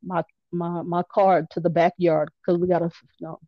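A woman artist telling a personal story in a lively, casual way, acting out the quoted lines with big jumps in pitch. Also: moderate pace, no echo, dull audio. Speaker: artist guest.

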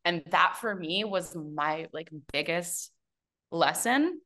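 Appearing as a guest on a podcast, this business and mindset mentor shares her story in a chatty, casual way, full of fillers and restarts and punctuated by bursts of laughter. She has a lowish, pushed, bright voice with lively intonation and a slow pace.

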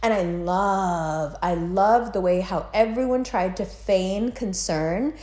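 A woman's voice: medium pitch, slow. Profane, ranting woman in an echoey room. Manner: profane, animated, mocking impressions. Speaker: podcast host. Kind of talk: casual ranting commentary.

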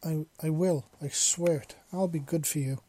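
A man putting on a shy, flustered young man who stammers and talks a bit higher and quicker to speak up. The tone stays mellow and slightly breathy. The recording sounds dry and close. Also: steady tone, close to an everyday voice. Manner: stammering, soft and nervous. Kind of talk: storybook reading.

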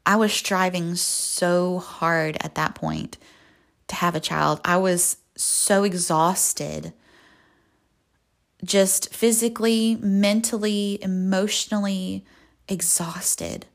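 A woman's voice: on the low side, fairly even intonation, takes it slowly, gravelly. A young woman speaking earnestly and folksily as the host of a faith podcast. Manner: earnest, folksy, with soft laughs.

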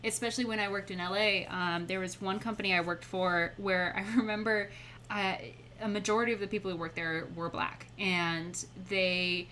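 A young adult woman speaking as a podcast guest in casual conversation, chatty and quick to laugh. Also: mid-range voice, steady tone, pushed and bright, slight background noise.

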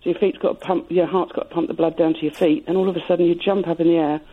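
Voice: mid-range voice, little pitch movement, racing. A radio caller who used to be a personal trainer, earnestly rambling through an explanation. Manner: earnest, rambling, laughs along. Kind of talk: explaining an answer on a phone-in. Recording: tinny phone line.

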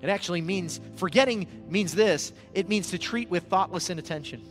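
A man preaching a sermon as pastor, moving from hushed, intimate passages to loud exhortation and calling on the congregation to repeat after him. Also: sits high, brisk, over music. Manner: repeats words, calls on the congregation to respond.

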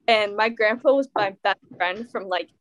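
A woman's voice: medium pitch, normal speed. A teenage girl telling a dramatic personal story in casual chat, full of fillers and quoted dialogue. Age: teens. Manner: animated storytelling, many fillers. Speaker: teen guest.

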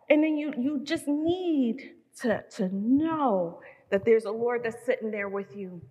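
Woman in her fifties preaching in a reverberant hall. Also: on the high side. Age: 50s. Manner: storytelling, animated, relatable asides to mothers. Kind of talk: conversational sermon.

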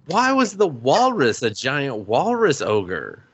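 A man's voice: mid-range voice, huge pitch swings, slow, fairly bright tone, breathy edge. A man co-hosting a casual anime podcast, talking in a sarcastic, jokey way. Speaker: podcast co-host.

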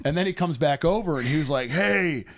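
A man's voice: on the high side, fast, slight background noise. A man in his thirties co-hosting a podcast, riffing sarcastically and swearing in casual chat. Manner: sarcastic, swears freely, riffs. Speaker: podcast co-host.

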